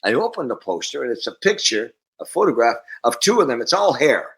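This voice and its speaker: A man in his sixties from Canada, a musician guest telling stories in a casual interview, animated and acting out the voices. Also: medium pitch, fairly quick, slightly rough, low-quality recording.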